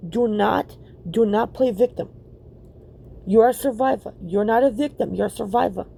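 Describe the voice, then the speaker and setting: A woman's voice: a little high, moderate pace, gravelly, dark tone, husky. A woman hosting a reaction video, ranting bluntly and profanely and repeating herself for emphasis.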